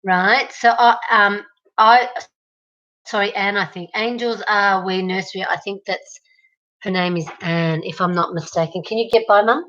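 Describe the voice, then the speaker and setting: A woman's voice: medium pitch, steady tone, moderate pace, fairly bright tone, highs cut off. A woman with an Australian accent hosting a casual livestream from her kitchen, chatting with viewers and greeting them by name. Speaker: livestream host. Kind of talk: casual live chat reading viewer comments. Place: home kitchen.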